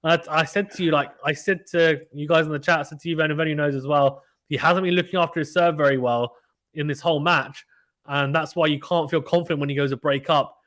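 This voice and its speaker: Man, live tennis play-by-play, animated, slightly high voice, home stream. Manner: fast, animated play-by-play, reads chat aloud. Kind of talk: excited casual live commentary.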